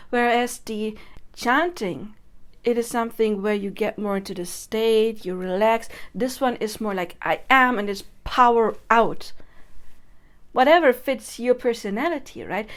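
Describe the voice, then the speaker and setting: A young woman coaching viewers on affirmations in a chatty, casual way, laughing often. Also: fairly high pitch. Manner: chatty, laughs often, demonstrates chants and loud incantations. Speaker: manifestation coach. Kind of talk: casual teaching to camera.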